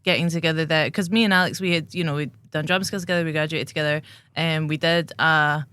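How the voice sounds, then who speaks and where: A woman's voice: low-pitched, fairly even intonation, quick pace, fairly bright tone, clean tone. A woman, a podcast guest chatting with lots of ums and giggles. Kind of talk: casual podcast chat.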